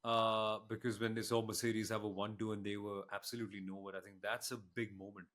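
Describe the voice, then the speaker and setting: A man's voice: on the low side, flat delivery, a little fast, fairly bright tone. A man co-hosting a podcast, giving a reflective, explanatory take in casual talk.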